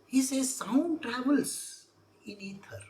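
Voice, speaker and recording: A woman's voice: high voice, expressive, slow pace, darkish tone, a little hiss or hum. A woman explaining scripture verse by verse as a spiritual teacher, repeating her points and asking rhetorical questions. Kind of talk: scripture exposition talk.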